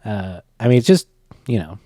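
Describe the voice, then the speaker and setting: Young man co-hosting, mellow tone, dry close mic, jokey and laughing. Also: lowish voice, expressive, moderate pace, no room sound. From California. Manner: joking, laughs often. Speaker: podcast co-host. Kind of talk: casual chat.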